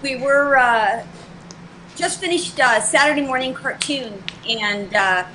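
A woman guest on a talk show telling a personal story in an animated way, acting out both sides of the dialogue. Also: sits high, takes it slowly, slight background noise, rough recording.

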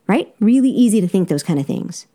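A woman's voice: medium pitch, big pitch swings, brisk, mellow. A woman with a Southern accent, a life coach hosting a podcast, talking directly and encouragingly to her listeners with easy laughs. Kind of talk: solo podcast coaching talk.

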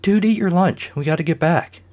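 A man's voice: high-pitched, moderate pace, a little mellow, pitched above the performer's own voice, close to an everyday voice. A man voicing Kat, a blunt, sardonic young woman coworker, in a raised, teasing voice.

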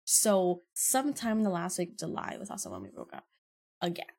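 A woman's voice: on the low side, wildly swooping pitch, brisk, vocal fry, a little mellow. A woman in her early twenties, a podcast host telling stories in a blunt, casual way with heavy swearing. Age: early 20s. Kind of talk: casual storytelling.

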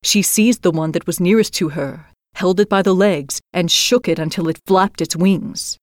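A woman host narrating a fairy tale in a measured, expressive scripted reading. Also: lowish voice, no echo, clean studio sound. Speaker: storyteller host.

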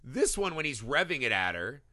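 A man co-hosting a casual podcast, reviewing a horror film with excited, profane enthusiasm and little acted-out bits. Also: mid-range voice, no room sound, clean studio sound. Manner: excited, profane, acts out scenes in quick bursts. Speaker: podcast co-host.

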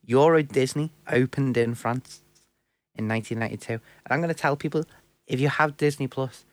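A young man co-hosts a relaxed podcast, chatting and laughing along with his friends. His voice sits at an ordinary pitch and is recorded close and dry, with no room sound. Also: no echo. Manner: chatty, laughs along, repeats words when starting. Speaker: podcast co-host. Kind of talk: casual chat.

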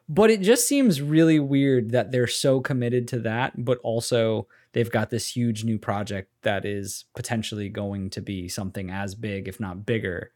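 A man co-hosting a casual podcast in an average-pitched voice. He talks animatedly, and his voice jumps up when he acts out what other people say. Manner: animated, acts out quotes in a rising voice. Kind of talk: casual gaming podcast chat.

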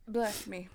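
A woman's voice: medium pitch, a little mellow, slightly rough. A woman co-hosting a casual chat, teasing her partner and laughing so hard she is choking. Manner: teasing, drawn-out laughter, exclamations. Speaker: podcast co-host.

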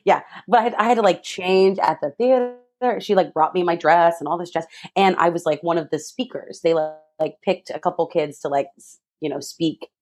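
Speaking at a moderate pace, a young woman shares a lively personal story during an interview. Her animated telling includes impersonations of others, marked by big jumps in pitch.

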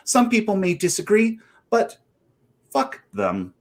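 A man's voice: sits high, wildly swooping pitch, slow pace, very noisy. A man hosting a podcast, making blunt, emphatic announcements in casual talk. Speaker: podcast host. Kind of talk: casual chat.

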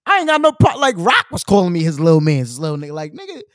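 A man's voice: sits high, wildly swooping pitch, fast talker, a bit bright, no echo, clean studio sound. A young man with a New York accent, telling a story in casual podcast chat, slangy and profane, acting out quotes. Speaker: podcast host.

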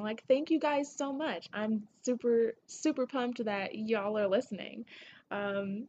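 A woman from Tennessee with a Southern accent, hosting her podcast in an excitable, gushing, casual way that swears freely. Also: mid-range voice, a little slow, highs cut off, slight background noise. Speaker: podcast host. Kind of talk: casual solo podcast shout-outs.

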